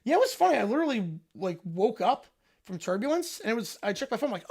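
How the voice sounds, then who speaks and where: A man hosting a livestream, chatting casually and reading out donations with relaxed, self-deprecating asides. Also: high-pitched, fast talker, gravelly, husky. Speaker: livestream host.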